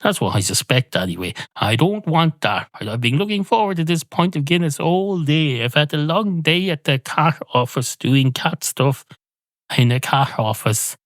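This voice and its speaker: A man's voice: on the high side, expressive, normal speed, a bit bright, dry recording, pitched above the performer's own voice. A man doing a sardonic talking bar cat. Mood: dry. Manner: dry, blunt and contrary.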